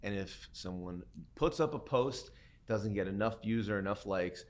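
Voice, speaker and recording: A man's voice: lowish voice, animated, normal speed, a little mellow. A man hosting a casual interview, asking long rambling questions and acting out little scenes. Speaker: podcast host.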